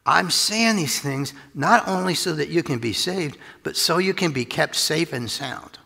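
A man preaching through a Bible passage, animated, often laughing and dropping to a whisper for emphasis. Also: fairly high pitch, unhurried, vocal fry, hardly any pauses, big-room sound. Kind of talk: expository Bible teaching.

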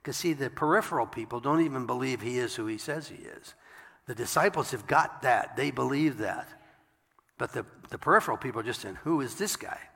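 A man's voice: medium pitch, brisk, gravelly, a bit bright, husky, in a large hall. A man preaching a sermon, reading scripture aloud and breaking in with wry asides. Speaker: pastor.

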